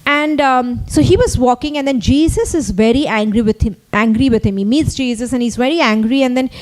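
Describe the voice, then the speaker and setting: High-voiced woman preaching with emphasis. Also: a little fast, darkish tone, slight background noise, rough recording. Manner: repetitive emphatic preaching, rising on key phrases. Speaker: pastor. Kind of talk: sermon. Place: church service.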